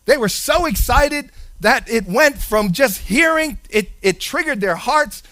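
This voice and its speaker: High, lively preaching man. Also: a little slow, no room sound. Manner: animated preaching, acting out Bible characters in voices. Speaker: pastor. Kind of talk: sermon.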